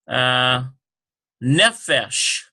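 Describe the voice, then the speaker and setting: A man teaching a relaxed language lesson, working through words slowly and thinking aloud with many fillers. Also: mid-range voice. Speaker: Hebrew teacher.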